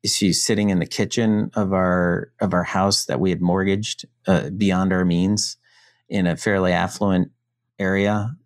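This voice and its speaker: A middle-aged man from the United States, a podcast guest telling his story in a frank, animated, casual way, swearing now and then. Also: low voice, measured pace, no echo, studio quality.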